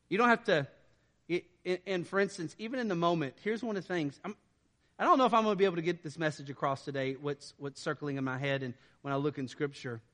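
Preaching quickly, a man gives a sermon as pastor, moving from loud, forceful highs to hushed, low stretches. He keeps it conversational, tossing in asides of "right?"

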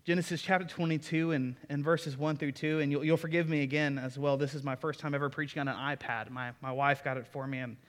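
A man's voice: fairly high pitch, fairly even intonation, fast, few pauses, big-room sound. A young man preaching a sermon in an earnest, conversational way. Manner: earnest and conversational, with many restarts. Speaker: pastor. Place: church sanctuary.

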